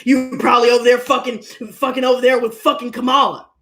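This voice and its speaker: A woman's voice: a little high, level tone, fast talker, a bit bright, close to an everyday voice. A woman retelling the words of a rude, foul-mouthed middle-aged male neighbor in her own voice. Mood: taunting. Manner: cursing, taunting.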